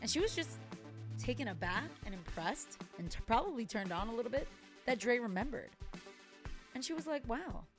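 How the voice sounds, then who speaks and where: A woman's voice: fairly high pitch, sing-song, a little fast, over music. A woman in her thirties casually recapping and reacting to a TV episode, chatty and wry, with playful asides. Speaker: TV recap vlogger.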